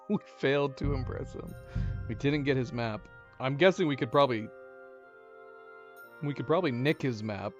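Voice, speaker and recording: A man's voice: mid-range voice, normal speed, long pauses, muffled recording, soft background music. A man hosting a let's play, musing aloud about the game in a casual, chatty way. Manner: chatty, musing, chuckles often. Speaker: gaming channel host.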